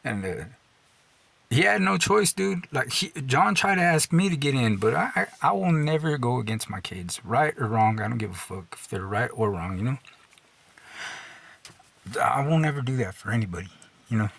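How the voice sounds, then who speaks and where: A man's voice: mid-range voice, expressive, moderate pace, creaky, fairly bright tone. A middle-aged man telling stories in a loose, profane way, full of "dude" and "you know", chuckling along. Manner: chuckles through his own stories. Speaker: storyteller host. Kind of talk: casual storytelling.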